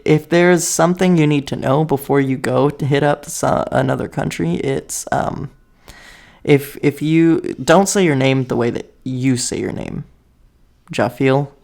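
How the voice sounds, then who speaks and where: Rambling young American man with a gravelly edge. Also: mid-range voice. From United States. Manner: rambling, self-correcting, laughs often. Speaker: vlogger. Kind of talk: casual rambling monologue to camera.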